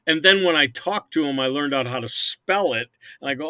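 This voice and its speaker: An older man talks at length about running his hockey teams, his voice bright and forceful. He rambles and stumbles over repeated words in a casual interview. The sound is dry and close, with no room around it. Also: mid-range voice, moderate pace, few pauses, no room sound. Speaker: hockey team owner.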